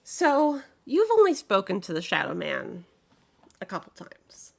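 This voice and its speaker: Animated woman game master. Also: medium pitch, a little slow, vocal fry. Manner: casual, animated narration. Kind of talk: narrating a tabletop game.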